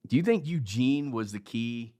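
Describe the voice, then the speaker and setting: A man hosting a podcast interview, with a middle-pitched voice. He asks eager, curious questions in a conversational way and laughs easily. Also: lively intonation, normal speed, warm tone. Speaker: podcast host.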